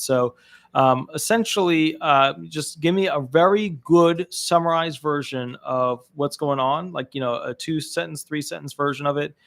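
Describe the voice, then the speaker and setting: A man hosting a live call-in legal advice show, chatty and upbeat, with lots of fillers. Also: medium pitch.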